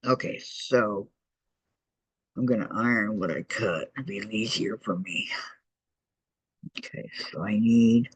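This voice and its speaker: A man's voice: fairly low pitch, slow, pauses often, slightly rough, no echo, low-quality recording. A man hosting a quilting shop's online meeting. He talks casually through a crafting demonstration, muttering to himself as he works and reading out viewer messages.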